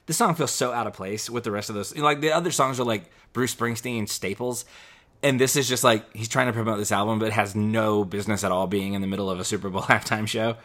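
A man's voice: on the low side, fast, a bit bright. Rambling male podcast co-host. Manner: rambling, many restarts and "like"s. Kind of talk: casual podcast chat.

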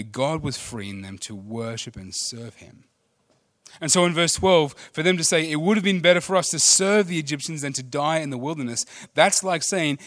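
A man preaches at a middle pitch. He swings from loud, emphatic lines down to hushed ones. The sound is dry and close, with no room around it. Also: no echo. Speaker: pastor. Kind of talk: sermon.

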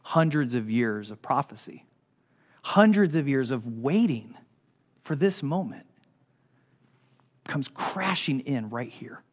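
A man preaching a sermon as pastor, animated and swinging from hushed lines to shouts. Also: mid-range voice, slow, long pauses.

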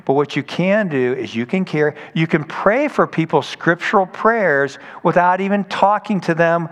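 Man, sermon, conversational storyteller, slightly high voice, reverberant hall. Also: lively intonation, moderate pace, fairly bright tone. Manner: conversational, storytelling with acted quotes. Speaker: pastor.

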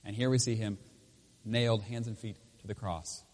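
A man preaching a sermon as pastor in a church, swinging between loud emphatic lines and quiet intense ones. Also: fairly low pitch, fairly even intonation, moderate pace. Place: church with speakers.

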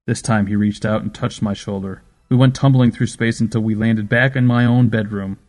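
A man narrating a story in a measured, steady storytelling manner. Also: fairly low pitch, gravelly, soft background music. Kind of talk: scripted audiobook narration.

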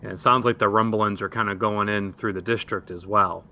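Bright-voiced, hesitant male player. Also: lowish voice, steady tone, fairly quick. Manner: casual, hesitant, with fillers. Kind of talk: casual tabletop game chat.

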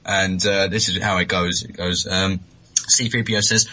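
A man's voice: deep voice, steady tone, moderate pace, sharp tone, poor audio. A British man co-hosting a podcast, chatting enthusiastically and laughing easily. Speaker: podcast co-host. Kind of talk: casual podcast chat.

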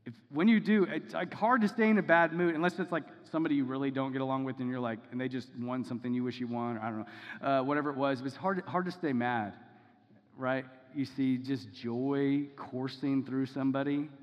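A man's voice: medium pitch, steady tone, a little fast. A man preaching a sermon in a casual, conversational way, often checking in with "okay?" and "right?". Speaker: pastor. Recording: dull sound with long reverb in a hall.

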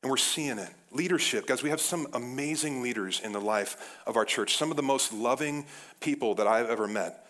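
A man's voice: mid-range voice, moderate pace. Fired-up pastor, man. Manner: energetic, casual, with frequent "like" and "guys". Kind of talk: sermon.

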